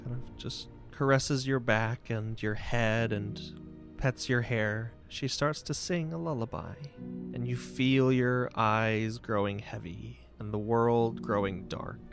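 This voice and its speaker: A man's voice: medium pitch, fairly even intonation, slow, creaky. Man, game master, second-person narration, music bed.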